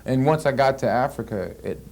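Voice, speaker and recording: A man's voice: mid-range voice, animated, fairly quick, creaky, darkish tone. A man in his thirties, an actor being interviewed, answering casually with many fillers and restarts. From United States. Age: 30s. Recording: archival interview tape with faint hiss.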